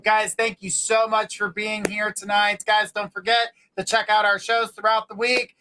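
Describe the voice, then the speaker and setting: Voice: medium pitch, flat delivery, moderate pace, bright, forceful tone, a little hiss or hum, poor audio. A host telling a joke and signing off a live talk show in an upbeat way, often saying "guys".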